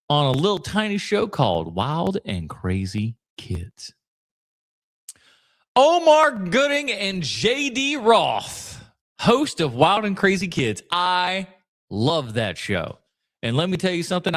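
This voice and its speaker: A man hosting a podcast, chatting casually and reacting to clips with frequent pauses and fillers. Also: on the high side, a bit bright. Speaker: podcast host. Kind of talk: casual commentary.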